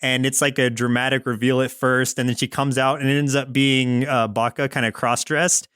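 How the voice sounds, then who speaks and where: A male podcast co-host, medium in pitch with a fairly bright, clean tone and little pitch variation, speaks at a normal speed in studio-quality audio with no room sound. He rambles through a casual recap of a cartoon episode, leaning heavily on "like" and acting out the quotes.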